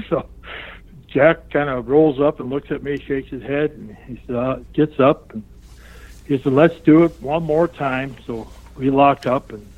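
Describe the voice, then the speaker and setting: A man's voice: medium pitch, measured pace, no echo. An older man, a retired pro wrestler, telling a long anecdote in an interview and acting out what other people said in a raised voice. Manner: animated storyteller who acts out other people's lines in raised voices. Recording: tinny phone-line sound.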